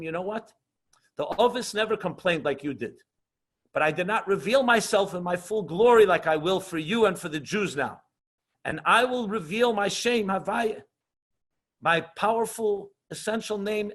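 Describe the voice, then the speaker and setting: Husky high-voiced rabbi teaching. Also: male voice, fairly bright tone. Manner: earnest, passionate, often slows for emphasis; mixes Hebrew and Yiddish terms into English. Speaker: rabbi teaching an online class. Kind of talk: lecture with questions and answers.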